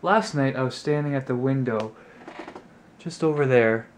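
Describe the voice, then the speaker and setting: Speaking at normal speed, a young man vlogs from his apartment at night, chatting exasperatedly into his camera mic as he rambles through a story's details. He imitates others in a high-pitched voice, and there's a little hiss or hum in the recording.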